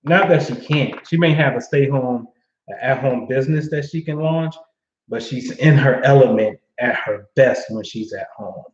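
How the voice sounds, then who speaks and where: A man hosts a laid-back livestream, talking in a loose, slangy way and often checking in with "you know what I'm saying." His voice sits at an ordinary middle pitch. The sound is a bit roomy and slightly muffled, like a home setup. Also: normal speed. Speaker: astrology livestream host. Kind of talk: casual livestream chat reading viewer comments.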